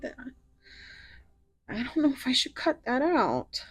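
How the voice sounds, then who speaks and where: A woman doing a pick-a-card tarot reading, talking in a soft, musing way that drifts into whispers. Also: high-pitched, huge pitch swings, unhurried, no echo. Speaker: tarot reader.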